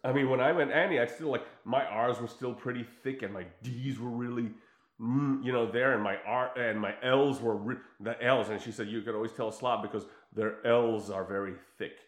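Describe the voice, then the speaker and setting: Middle-aged man with Croatian as his first language, chatty and rambling, mid-range pitch, roomy echo on the recording. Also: normal speed. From United States and former Yugoslavia. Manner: animated, rambling storyteller with many fillers. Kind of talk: casual chat.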